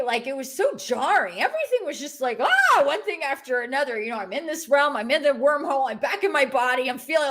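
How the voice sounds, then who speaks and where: A woman in her forties, a podcast guest telling a personal story in a casual, expressive way, acting out the voices she heard. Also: sits high, brisk, hardly any pauses.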